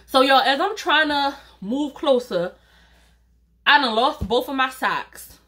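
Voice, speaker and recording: A woman YouTuber telling a storytime vlog in an animated, chatty way, talking straight to her viewers and swearing casually. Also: high voice, slow pace.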